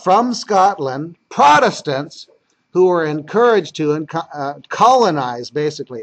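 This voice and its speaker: A man's voice: on the high side, low-quality recording. A man teaching a history class as lecturer, talking conversationally and repeating key points for emphasis.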